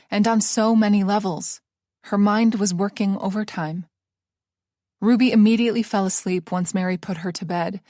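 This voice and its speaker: A woman narrating a novel aloud in a measured, even audiobook style. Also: mid-range voice, no echo, studio quality.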